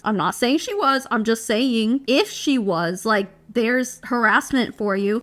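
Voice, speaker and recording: A woman's voice: on the high side, a bit bright. A young woman giving blunt, sarcastic reaction commentary, swearing freely. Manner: blunt, sarcastic, swears freely, mocks with put-on whiny voices. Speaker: commentary YouTuber.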